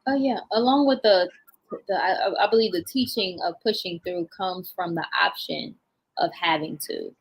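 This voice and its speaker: A woman guest in casual conversation, relaxed and chatty, laughing as she talks and explaining with everyday analogies. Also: lowish voice, normal speed, husky, low-quality recording.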